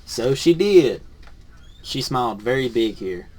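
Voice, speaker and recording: A man, a teacher in training, reads a picture book aloud with lively rises on the punchlines, then reviews it softly and hesitantly. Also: medium pitch, unhurried. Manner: lively storybook reading, rising on punchlines, then soft and hesitant when reviewing.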